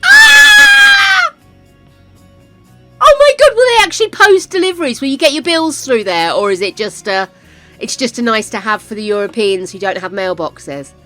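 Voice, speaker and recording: An older woman chatting to viewers while playing a game on a live stream, easily excited. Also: medium pitch, fairly quick, faint music behind. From United Kingdom. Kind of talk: casual live-stream chat while gaming.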